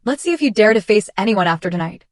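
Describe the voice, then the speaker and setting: A woman's voice: medium pitch, animated, quick pace, no room sound, clean studio sound, lightly acted. A woman voicing a cruel young husband in a storytime reading, snapping and scornful.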